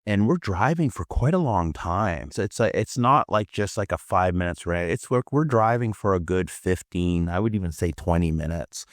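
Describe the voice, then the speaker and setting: Low-voiced man telling a wild story. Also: normal speed, few pauses, dry recording, studio quality. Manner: excitable, swearing, lots of fillers. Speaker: podcast host. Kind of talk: personal storytelling.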